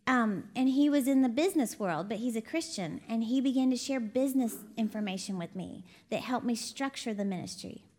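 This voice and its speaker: A woman's voice: a little high, animated, a little fast, hardly any pauses, a little mellow. A woman preacher, giving a conversational sermon in a chatty, folksy storytelling manner, laughing often. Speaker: ministry CEO and preacher.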